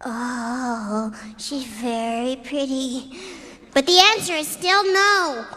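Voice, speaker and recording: A woman's voice: high-pitched, slow, pushed and bright, exaggerated voice. A woman voicing an earnest, clever young cartoon girl in a table read. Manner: earnest, gushing. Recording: roomy reverb, faint hiss.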